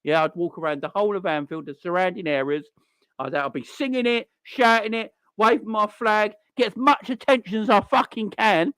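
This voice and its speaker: A man's voice: high-pitched, moderate pace, fairly bright tone, clean tone, dry recording. A man hosting a football channel, ranting angrily and swearing as he mocks online fans. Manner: sweary, mocking, mimics people. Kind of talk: angry fan rant.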